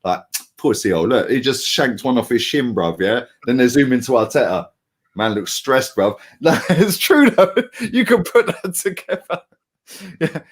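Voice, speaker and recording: A man's voice: medium pitch, very animated, a little slow, slightly rough. A young man, co-hosting a casual football chat in a heated, slangy way with plenty of swearing. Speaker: football fan channel co-host.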